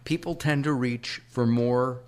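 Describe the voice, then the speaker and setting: A man's voice: medium pitch, unhurried. A middle-aged man from Southern California hosting a radio talk show, chatty and joking, with lots of filler uhs.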